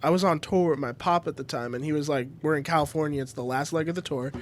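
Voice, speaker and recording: High-voiced man telling a story. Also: fast, slight background noise. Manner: animated storyteller, acts out quotes, swears casually. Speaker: podcast co-host. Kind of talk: casual storytelling chat.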